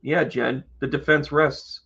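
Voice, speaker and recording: A man's voice: a little high, steady tone, slow, gravelly, sharp tone, slightly rough, muffled recording. A man hosting an astrology live stream, chatty and joking, talking to his viewers by name. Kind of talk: casual live stream chat.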